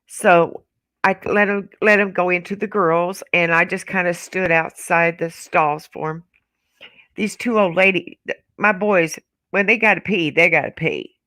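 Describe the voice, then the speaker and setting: Bright-voiced woman telling stories. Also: lowish voice, a little slow, dry recording. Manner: animated storyteller, acts out voices. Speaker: trivia night participant. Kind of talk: casual chat, telling a funny story.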